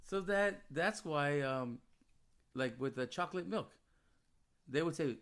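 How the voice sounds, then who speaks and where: A man's voice: fairly high pitch, normal speed, fairly bright tone. A man in a casual podcast chat, telling anecdotes with laughter and acting out quotes. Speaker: podcast co-host.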